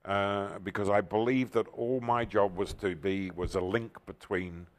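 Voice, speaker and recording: An older man recounts stories as a guest, his lowish voice leaping into loud, excited exclamations. He talks like a seasoned showman, enthusiastic and theatrical. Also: a little slow. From England. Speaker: talk show guest. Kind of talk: animated storytelling interview.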